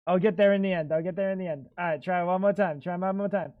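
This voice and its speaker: Excitable swearing male streamer. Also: high voice, quick pace, phone-quality sound. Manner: excitable, swearing, rambling talk to chat. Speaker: livestreamer. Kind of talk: casual gaming stream chatter.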